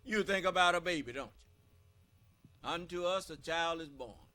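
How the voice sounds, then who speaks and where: A man's voice: on the high side, normal speed, pushed and bright. An American man preaching a scripture-teaching sermon, emphatic and quizzing his listeners with questions.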